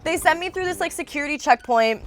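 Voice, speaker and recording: A young woman co-hosting a podcast, telling a story in animated, gossipy casual chat and swearing freely. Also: high voice, quick pace, soft background music. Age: young adult. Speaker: podcast co-host.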